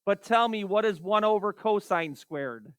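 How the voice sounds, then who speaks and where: A man's voice: high voice, lively intonation, unhurried, a bit bright, clear, resonant tone, no echo. A man teaching a math class, calling on students by name and exasperated by wrong answers. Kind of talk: classroom lecture.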